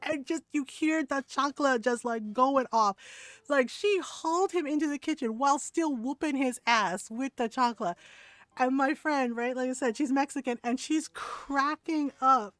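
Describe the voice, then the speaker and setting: A woman streamer casually telling a long family story, animated and full of "like" and "right?". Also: high voice, a little slow, no echo. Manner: animated, many fillers like "right?". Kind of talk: casual storytelling while gaming.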